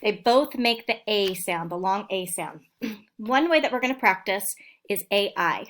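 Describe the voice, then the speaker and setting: A woman teacher talks young children through a phonics lesson recorded for home learning. She speaks slowly and clearly and stretches out the sounds in each word. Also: mid-range voice. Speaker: elementary school teacher.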